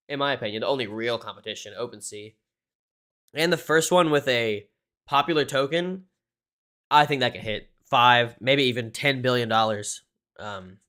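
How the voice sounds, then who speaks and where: A man's voice: fairly high pitch, a bit bright. A young man hosting a livestream, talking casually about crypto charts and often saying "dude" and "um". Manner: casual, swears often, says "dude" and "um" a lot.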